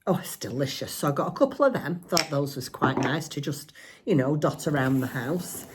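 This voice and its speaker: An older woman with a notably low voice chats through her shopping haul at home, giggling and teasing as she goes. She talks in a relaxed, homely way, like a grandmother showing a friend her finds. A faint hiss sits behind her voice. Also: moderate pace. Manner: chatty, giggly, fond of teasing. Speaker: crafting vlogger.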